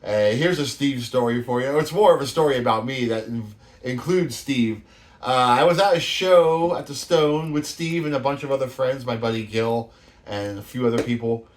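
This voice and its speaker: A man's voice: medium pitch, moderate pace. A man in his fifties from the San Francisco Bay Area, hosting a show and telling loose, profane stories with plenty of laughs. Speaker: show host. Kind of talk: casual storytelling monologue.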